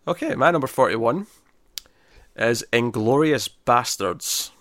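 A man's voice: medium pitch, fairly quick, fairly bright tone, no room sound, studio quality. A man co-hosting a casual movie-ranking chat, talking enthusiastically, laughing often and restarting his sentences. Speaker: podcast co-host ranking movies.

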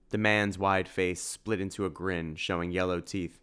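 Male audiobook narrator, low and resonant; steady storytelling. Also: moderate pace, few pauses, clear, resonant tone.

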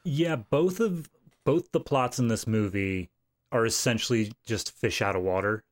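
A man's voice: mid-range voice, unhurried. A young man with a General American accent, co-hosting a movie podcast in casual, wry chat. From United States. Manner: animated, wry, acts out quoted lines. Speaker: podcast co-host.

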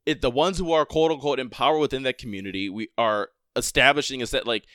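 A man's voice: medium pitch, a bit bright, smooth, no room sound, clean studio sound. A man co-hosting a podcast, ranting in a casual, emphatic way with lots of fillers. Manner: emphatic, fast and filler-heavy. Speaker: podcast co-host.

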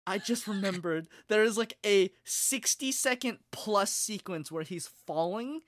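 A woman in casual chat, retelling an anime episode in a lively, mocking way and acting out bits in silly voices. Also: medium pitch, no room sound. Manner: animated retelling, acts out scenes in silly voices. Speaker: podcast co-host reviewing anime.

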